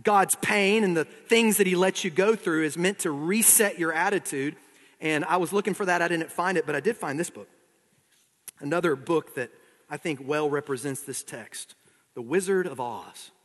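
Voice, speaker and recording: A man's voice: on the high side, moderate pace, fairly bright tone, long reverb tail. A man preaching a sermon as pastor, talking in a conversational way and reading aloud from a book.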